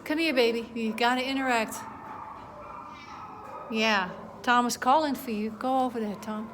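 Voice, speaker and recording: A woman's voice: a little high, moderate pace. A woman in casual chat, giving a dog short commands and cooing sweet baby talk at it. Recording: noisy room recording.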